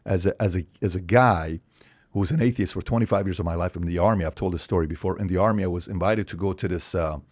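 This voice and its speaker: A man from Iran, a podcast guest in casual conversation, talking in an animated, emphatic way. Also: low-pitched, fast. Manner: animated, emphatic, acts out other people's voices.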